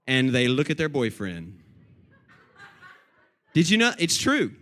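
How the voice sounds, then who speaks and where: A man preaching a sermon to his congregation, animated and addressing them directly. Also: mid-range voice, slow. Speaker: pastor.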